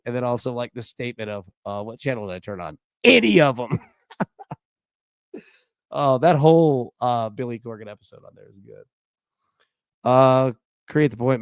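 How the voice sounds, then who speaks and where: A man's voice: medium pitch, no echo, studio quality. A man hosting a casual live-stream chat, rambling through a story with lots of fillers and restarts. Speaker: host.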